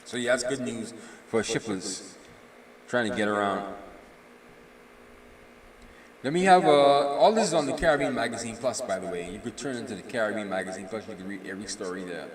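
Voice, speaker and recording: A tired man giving casual, opinionated news commentary on a live stream, rambling with filler pauses. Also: lowish voice, animated, slight background noise. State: tired, yawning. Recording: roomy echo, distant mic.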